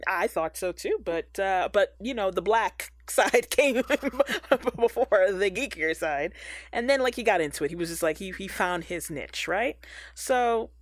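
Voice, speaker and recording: Animated slangy woman hosting a chat. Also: medium pitch, unhurried, no echo. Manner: animated, slangy, laughs often. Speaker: podcast host. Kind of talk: casual chat.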